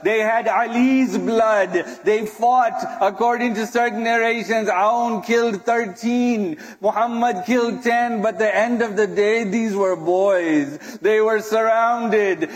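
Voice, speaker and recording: A male preacher delivering a mourning sermon to his congregation, emotional and at times breaking into a crying chant. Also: high-pitched. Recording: long hall reverb.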